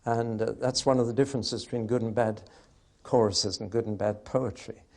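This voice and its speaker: A man's voice: fairly low pitch, fairly even intonation, moderate pace, a little mellow. Man teaching Bible poetry, chanting beats. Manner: explanatory, asks the audience questions; recites verses rhythmically to show the beat.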